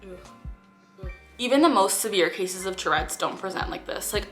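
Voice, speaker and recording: A young woman reacts to a clip in earnest, frustrated casual talk, often letting out sighing groans. Her voice is bright and tense. It rings in an echoey room with faint music behind. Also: mid-range voice, lively intonation, normal speed. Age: young adult.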